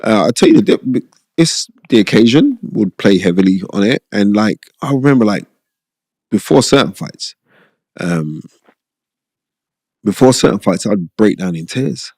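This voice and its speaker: A middle-aged man with a low, gravelly voice talks through his boxing days in a relaxed interview. He rambles warmly and keeps throwing in "you know what I mean?" The sound is close and dry, with no room around it. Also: measured pace, long pauses, no room sound. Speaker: former boxer, podcast guest. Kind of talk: casual interview storytelling.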